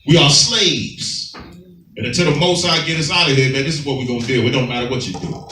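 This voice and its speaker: Captured from a distance in an echoing room with slight background noise, a man preaches scripture commentary to a Sabbath class. His mid-range voice has a sharp tone, fairly even intonation, and a slightly fast pace. He's emphatic and streetwise, frequently asking if his listeners follow.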